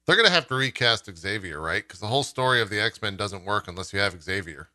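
A man with a very bright, sharp, forceful voice jokes his way through a casual podcast chat. He tosses out silly ideas one after another, recorded close and dry. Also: lively intonation, quick pace, dry recording. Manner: jokey, pitching silly ideas. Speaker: podcast co-host. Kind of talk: casual pop-culture chat.

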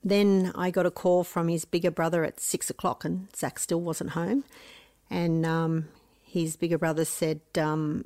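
Middle-aged aussie mum, slightly low voice, earnest and plain-spoken. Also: female voice, flat delivery, unhurried, darkish tone, no echo. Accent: Australian. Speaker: mother of a missing man. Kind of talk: emotional interview recollection.

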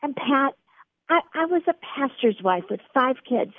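A middle-aged woman, an author appearing as a guest on a faith radio interview, talks to the host earnestly and encouragingly. Her voice sits high and animated, her pace is measured, and the phone line sounds tinny.

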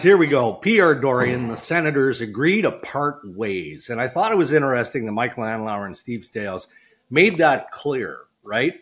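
A man co-hosting a relaxed podcast, chatting and joking with his partner. His pitch swoops up and down with lots of life. He laughs easily and slips into ad reads between the banter. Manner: animated, laughing, reads ad copy. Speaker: podcast co-host. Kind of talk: casual chat.

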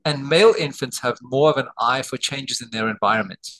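A middle-aged Australian man, a doctor and author, talking as a guest over a video call from home and telling lively anecdotes. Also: medium pitch, fairly quick, low-quality recording. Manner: lively anecdotes, acting out quoted dialogue. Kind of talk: interview storytelling. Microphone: video call on borrowed telehealth equipment.

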